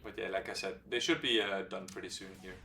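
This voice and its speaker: A man's voice: low-pitched, a little fast. Man explaining a strategy game live. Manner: explains game mechanics while thinking aloud; relaxed, hesitant with many fillers. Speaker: game streamer. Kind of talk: live gameplay commentary. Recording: roomy sound from a distant mic, faint background music.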